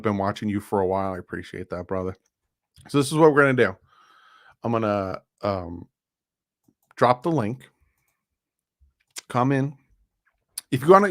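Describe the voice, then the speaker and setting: A man hosting a casual live stream, chatting loosely, reading out donations and plugging sponsors. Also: lowish voice. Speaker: YouTube streamer and channel host.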